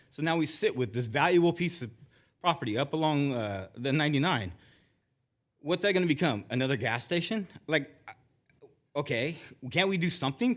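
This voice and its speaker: A middle-aged man giving public comment at a council meeting from a podium microphone, nervous and emotional, halting and restarting often. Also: a little high. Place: council chamber.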